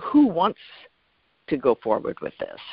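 Lively, affirming talk-show host. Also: mid-range voice, unhurried, gravelly, slightly rough, no room sound, narrow, tinny audio. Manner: affirming, many backchannels, playful. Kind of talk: supportive talk-show conversation.

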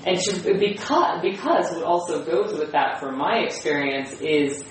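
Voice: medium pitch, animated. A speaker sharing personal reflections in a spiritual group discussion, searching for words and often restarting. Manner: searching, halting, with many restarts. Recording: echoey room, distant mic, faint hum.

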